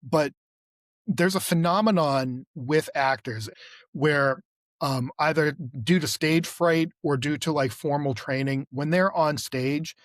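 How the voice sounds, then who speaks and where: A podcast co-host chats casually, rambling with fillers and restarts. His voice sits a little high and moves slowly, captured in studio quality with no room sound.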